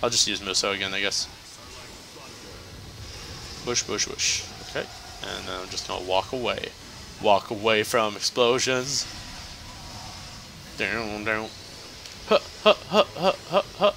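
A man's voice: fairly low pitch, steady tone, unhurried, vocal fry, pauses often, bright, forceful tone, a little hiss or hum, low-quality recording. A man giving casual, joking let's-play commentary as he plays, chatty and laughing often. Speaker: gameplay commentator.

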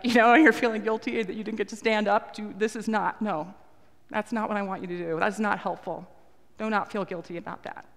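A woman giving an earnest, conversational talk to a church congregation, pausing with frequent ums. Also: medium pitch. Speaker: lay speaker at a church service. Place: church sanctuary. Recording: long reverb of a large hall.

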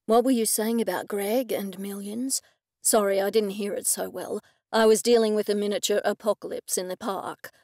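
A woman voicing a distracted, apologetic male police officer who speaks briskly. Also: medium pitch, fairly even intonation, a little mellow, dry recording, studio quality, close to an everyday voice. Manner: brisk, offhand, quick.

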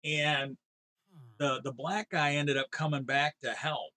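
A man's voice: a little high, level tone, measured pace, sharp tone, low-quality recording. A man streaming a game live, retelling a story in a rambling, meandering way. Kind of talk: rambling casual chat while gaming.

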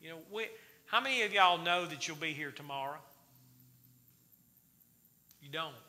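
In a church sanctuary, a man leads a Wednesday night Bible study, folksy in manner and quizzing the congregation with questions. His fairly high voice is bright and pushed, with lively intonation and a moderate pace, and the hall is reverberant.

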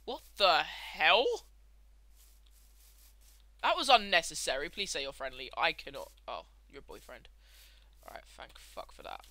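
A man's voice: medium pitch, a little fast, no room sound. A young man with a sweary, ranting manner, commenting casually while he plays a game. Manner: swears a lot, ranting, excitable outbursts. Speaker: gameplay commentator.

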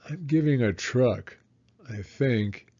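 A man voicing an eager, excitable young boy turtle in a storybook. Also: mid-range voice, slow pace, lo-fi sound. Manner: eager, bright exclamations.

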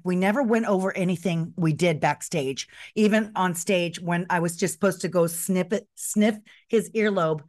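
A woman's voice: fairly low pitch, no room sound. Heartfelt woman, close to tears. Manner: emotional, heartfelt, tearful. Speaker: co-host, former wrestler. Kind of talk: casual chat.

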